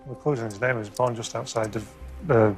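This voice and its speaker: A man's voice: mid-range voice, fairly even intonation, fairly quick, soft background music. A man taking part in a quiz show, who talks through his answers hesitantly. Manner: hesitant, thinking aloud. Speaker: quiz contestant. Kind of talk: casual on-air chat.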